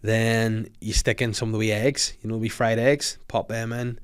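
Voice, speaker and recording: Rambling Northern Irish man, lowish voice. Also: little pitch movement, moderate pace, smooth. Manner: rambling, jokey, crude asides. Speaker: podcast host. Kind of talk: casual comedic chat.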